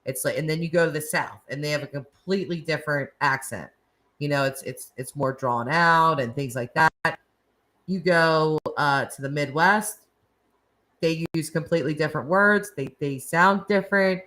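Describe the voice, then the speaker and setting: Low-voiced chatty Northeastern American woman. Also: normal speed, a bit bright. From Northeastern United States. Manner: chatty and rambling, frequent "like" and laughs. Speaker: host of live chat stream. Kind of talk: casual live-stream chat with viewers.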